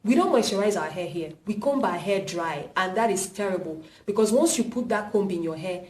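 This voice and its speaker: A woman's voice: medium pitch, lively intonation, a little fast, a little mellow. A young Nigerian woman with a Nigerian accent, giving hair-care tips in a casual vlog and repeating her points for emphasis. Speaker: vlogger. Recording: roomy echo, mic at a distance.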